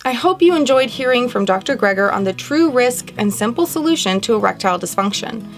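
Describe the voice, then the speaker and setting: Woman channel host, chatty, bit of music playing softly behind. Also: a little high, expressive, a little fast. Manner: conversational, self-mocking asides. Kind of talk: video outro and interview.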